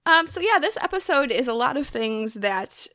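A woman's voice: sits high, very animated, normal speed, pushed and bright, no echo, clean studio sound. A woman co-hosting a podcast in casual chat, joking, laughing often and swearing freely. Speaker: podcast co-host.

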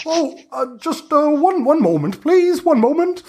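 A man voicing a fussy, flustered old female hag who peddles potions, with a shrill high voice. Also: sing-song, measured pace, darkish tone, heavily acted.

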